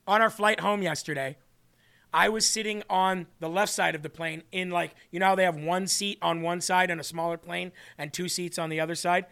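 A male host with a high, ringing voice talks through a live stream, reading out viewer comments and donations. He sounds earnest and excitable and often breaks off to restart a sentence. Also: normal speed, gravelly, clear, resonant tone. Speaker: host of an online faith show.

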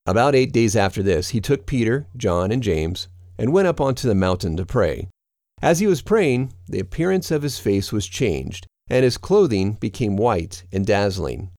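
A man reads scripture aloud in a steady, measured way. His voice sits low, and the recording is dry and close, with no room sound. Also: no echo. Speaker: narrator.

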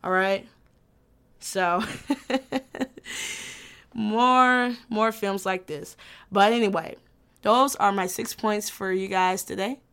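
A woman's voice: mid-range voice, slow pace, long pauses, fairly bright tone, clear, resonant tone. A woman in her twenties talking casually as a vlogger, loose and profane, often restarting her sentences. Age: 20s. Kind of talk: casual chat.

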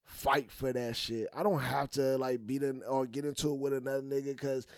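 A man's voice: mid-range voice, little pitch movement, fairly quick, no room sound, clean studio sound. A young man co-hosting a podcast in casual, profane chat, laughing often and trailing off with "you know what I'm saying". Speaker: podcast co-host.

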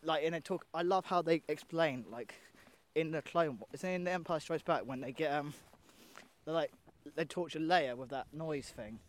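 A young man with a slightly higher voice talks in a loose, rambling way. He swears freely and often drops his sentences halfway through to start new ones. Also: normal speed. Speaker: podcast co-host. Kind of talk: casual chat.

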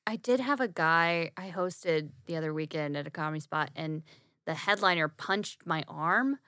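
A woman co-hosting a podcast in casual, laughing chat, quick to jump in over the others. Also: low-pitched, sharp tone, dry recording, studio quality. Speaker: podcast co-host.

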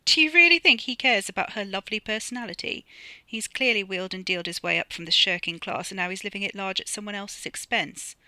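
A woman's voice: medium pitch, fast, bright, forceful tone, dry recording. A woman reading the lines of a snide, posh young man with a mocking drawl. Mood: sneering.

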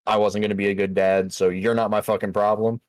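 Male podcast host, low voice, dry close mic, rambling movie recap. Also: little pitch movement, fast, dry recording. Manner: storytelling, retells scenes in quoted voices, swears.

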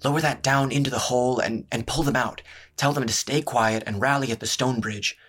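A man's voice: mid-range voice, steady tone, a little fast, fairly bright tone, slightly rough. A man voicing a tense, resolute young male thief who speaks in urgent, clipped orders.

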